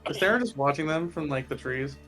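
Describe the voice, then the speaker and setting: A man playing in a tabletop game, bantering in an excited, emphatic way. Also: on the high side, quick pace, faint music behind, poor audio. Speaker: player.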